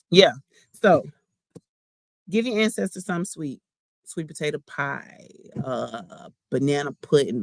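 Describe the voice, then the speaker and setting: A woman's voice: sits low, no room sound. Brief: woman, chatty spiritual card reader, slangy, addresses viewers directly, dry close sound. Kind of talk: casual spiritual card-reading chat.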